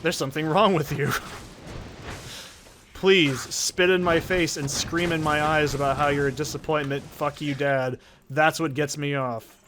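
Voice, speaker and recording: Guy doing let's play commentary, kinda high voice, rambly and swears a lot, joking around. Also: fairly even intonation, unhurried, a bit bright, slight background noise. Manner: rambling, profane, jokey. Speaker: gaming channel host.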